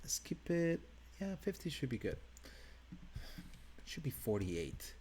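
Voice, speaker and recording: A man's voice: medium pitch, sing-song, takes it slowly, a little mellow, husky. Casual accented man teaching design live. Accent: non-native English. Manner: casual, upbeat, thinking aloud with restarts. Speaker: design instructor. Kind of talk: live screen-share design tutorial.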